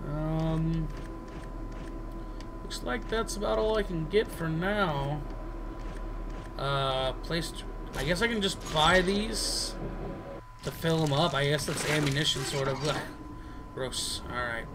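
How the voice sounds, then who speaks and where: A man's voice: on the high side, slow pace, long pauses, noisy background. A man giving casual gameplay commentary as a let's player, goofy and joking, chatting to the characters on screen. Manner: goofy, jokes and talks to game characters.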